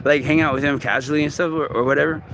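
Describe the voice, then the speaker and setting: A man in his forties talking casually to the camera in a halting, rambling way, full of fillers and restarts. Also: on the high side, steady tone, noisy background. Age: 40s. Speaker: vlogger. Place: outdoors in a city park.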